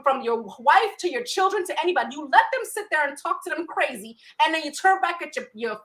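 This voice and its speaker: Woman cohost, real blunt and fired up, high voice, casual talk. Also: a bit bright, poor audio. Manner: blunt, heated, plain-spoken. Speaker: podcast co-host. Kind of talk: casual couple chat.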